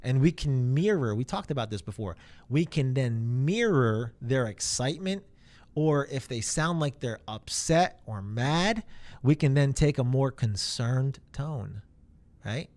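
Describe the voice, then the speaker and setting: A male sales trainer coaching his audience in a loose, conversational way. He rambles, circles back, and leans on fillers as he talks. His voice sits at an ordinary middle pitch. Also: lively intonation, measured pace, a little mellow. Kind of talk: informal training talk.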